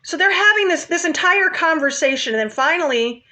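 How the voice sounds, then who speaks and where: A woman's voice: extremely high pitch, animated, a little fast, pushed and bright. A woman casually retelling a Bible story in a chatty, informal way, with asides to her viewers.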